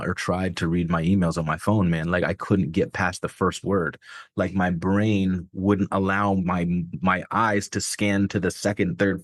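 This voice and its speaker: A man with a very low voice, telling a personal story in loose, candid talk as a podcast guest. He swears freely and leans on "like" and "man". The sound is dry and close. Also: no echo. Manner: casual, profane, many fillers like "man" and "like".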